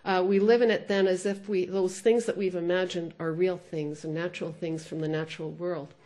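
Speaking at a conference, this sociolinguist lectures thoughtfully, filling pauses with "uh" and switching between French and English. She has a lowish, dark voice and a flat delivery.

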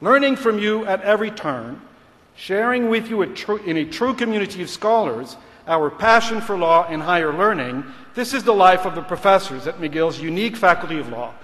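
A middle-aged man, a law school dean, giving a formal graduation speech in a measured, rhetorical manner, moving between English and French. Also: high-pitched, lively intonation, a bit bright. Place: large ceremony hall. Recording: reverberant hall.

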